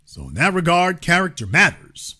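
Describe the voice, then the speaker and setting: A man's voice: sits high, wildly swooping pitch, moderate pace, pushed and bright. A man hosting a political call-in show, speaking emphatically and pressing his caller with pointed questions. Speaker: host.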